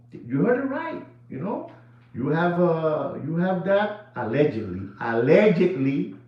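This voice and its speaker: A man dealing in watches, ranting excitedly to camera in casual talk, repeating himself and dropping into Spanish phrases. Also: high-pitched. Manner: animated, repetitive, switches into Spanish phrases. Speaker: watch dealer. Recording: echoey room, dull lo-fi sound.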